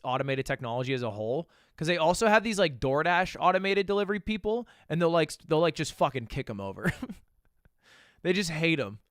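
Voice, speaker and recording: A man's voice: fairly high pitch, fairly bright tone, smooth, dry recording, studio quality. A young man in his twenties chatting casually and reacting to clips on a stream, rambling and swearing a lot.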